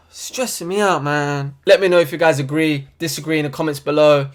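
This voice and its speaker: A man's voice: a little high, fairly even intonation, fairly quick. Young man ranting heatedly. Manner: heated, exasperated ranting with slang. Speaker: football fan vlogger. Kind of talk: ranting vlog. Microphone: desk USB microphone.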